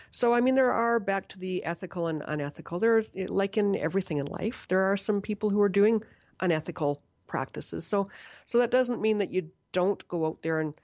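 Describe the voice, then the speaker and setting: A woman's voice: lowish voice, a little mellow, no room sound, studio quality. A woman talking about marketing in a casual conversation, earnest and emphatic.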